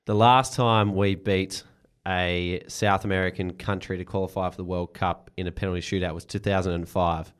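A man's voice: sits low, fairly even intonation, moderate pace, clean tone. A man hosting a podcast and eagerly setting up an interview. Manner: enthusiastic, eager.

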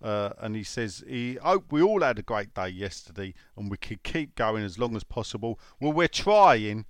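Man, podcast host, reading comments, rambling, animated pitch. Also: normal speed, dry recording, clean studio sound. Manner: rambling, joking, many fillers and restarts. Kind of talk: casual chat, reading out listener comments.

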